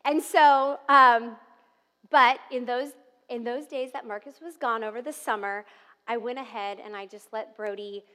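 Bright-voiced woman preaching in a big hall. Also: fairly high pitch, fairly even intonation, measured pace. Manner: warm storytelling with soft tender asides and laughs. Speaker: pastor. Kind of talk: sermon. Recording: long reverb of a large hall.

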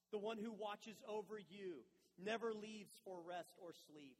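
A man's voice: high voice, a little slow, hardly any pauses. A middle-aged man preaching a sermon in a conversational way, telling a family story and checking in with his listeners. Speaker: pastor. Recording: long reverb, faint ambience.

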